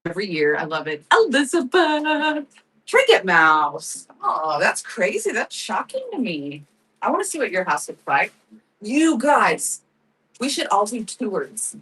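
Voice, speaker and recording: A woman's voice: mid-range voice, big pitch swings, unhurried, fairly bright tone, slightly rough, far from the mic, low-quality recording. A woman hosting a live craft sale, chatting casually, laughing often and thanking viewers by name. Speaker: live-selling crafts host. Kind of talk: casual livestream chat.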